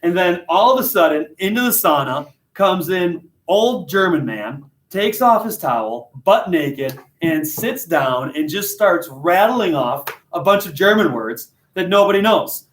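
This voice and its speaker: Joking teacher, echoey classroom. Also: male voice, sits high, measured pace, few pauses. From United States. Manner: jokey, animated, self-deprecating. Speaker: high school literature teacher. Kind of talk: classroom discussion and storytelling.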